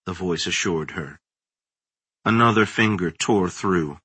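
A man reading a horror story aloud in a slow, deliberate, suspenseful manner. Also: sits low, pushed and bright, husky, no echo. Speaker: narrator. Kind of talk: scripted horror story narration.

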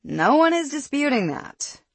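A narrator voicing a firm, calm Fae warrior woman who speaks with command. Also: sits high, measured pace, no echo, voice pushed up, exaggerated voice. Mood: stern.

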